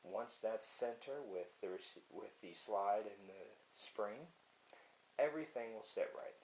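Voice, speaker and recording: Low-voiced man giving a hands-on how-to. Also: measured pace, a little mellow, slight background noise, low-quality recording. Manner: casual, talks to the viewer while working. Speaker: firearms video host. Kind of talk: casual how-to demonstration.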